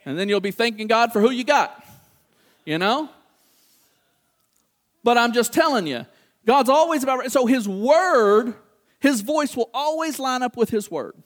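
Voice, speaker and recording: A middle-aged man preaching a sermon, animated and acting out little dialogues, repeating words for emphasis. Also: very high-pitched, a little slow, pauses often.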